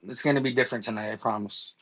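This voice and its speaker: Defensive man with halting speech. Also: mid-range voice, fairly even intonation, a bit bright, rough recording. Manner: halting, defensive, many restarts. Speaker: co-host. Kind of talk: defensive casual chat.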